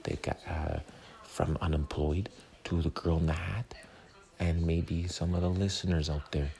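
Podcast host, male, rambling in a hushed whisper, very low creaky voice, recorded in a busy movie theater. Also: steady tone, unhurried. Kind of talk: whispered casual chat. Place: movie theater during a film. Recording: crowded room, movie audio behind. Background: crowd chatter.

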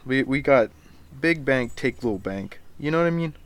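A man's voice: medium pitch, expressive, moderate pace. A young man co-hosting a podcast, laid-back and agreeable, bantering in slang about video games. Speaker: podcast co-host. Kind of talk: casual gaming chat.

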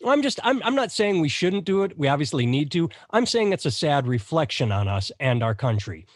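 A man's voice: fairly high pitch, sing-song, a little fast, dry recording. A man in his thirties, a podcast co-host, ranting in a sardonic, profane way during casual chat.

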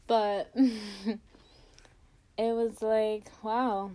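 A woman's voice: fairly low pitch, fairly even intonation, takes it slowly, dark tone. A young woman casually telling her own birth story, chatty, laughing often, with lots of "like" and "you know".

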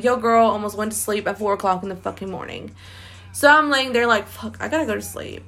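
Bright-voiced, blunt, foul-mouthed woman. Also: on the high side. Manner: blunt, candid, heavily profane; rambling with many fillers and laughs. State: tired. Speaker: podcast host. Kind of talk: casual diary-style monologue.

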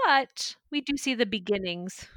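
A woman's voice: a little high, lively intonation, normal speed, a bit bright, no room sound. A woman co-hosting a podcast, chatting casually and playfully, laughing often. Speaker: podcast co-host. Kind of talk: casual chat.

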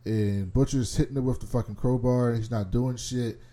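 Male co-host, mellow timbre, animated casual recapper with a loose mouth. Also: mid-range voice, moderate pace. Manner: animated storytelling, swears freely.

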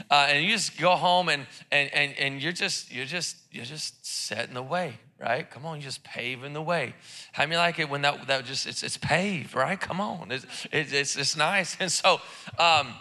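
A man's voice: on the high side, normal speed, bright, forceful tone. A man preaching a sermon in church, casual and joking, with lots of repeated words and restarts. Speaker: pastor. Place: church service.

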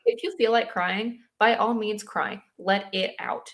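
A woman co-hosting a casual podcast chat, animated and swearing, laughing a lot. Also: mid-range voice, a little slow. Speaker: podcast co-host.

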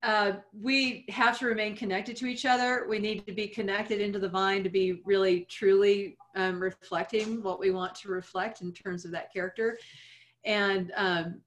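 A woman's voice: medium pitch, steady tone, moderate pace. A woman in her forties, a guest in an interview, talking earnestly and reflectively with light laughs. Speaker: guest speaker. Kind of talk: interview conversation.

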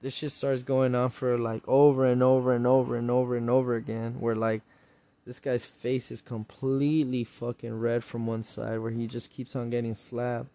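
A man's voice: medium pitch, little pitch movement, normal speed, dark tone, no echo. A man hosting a solo podcast, casually retelling and reviewing a show episode in a rambling, profane way. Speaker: podcast host.

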